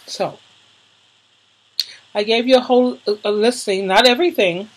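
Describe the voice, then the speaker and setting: A woman vlogger speaks casually and effusively to her audience, emotional and full of slangy emphasis. Her voice is husky and sits a bit high. She calls her listeners darling. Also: normal speed, pauses often, rough recording. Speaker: YouTuber recommending videos to viewers. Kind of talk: casual vlog talk.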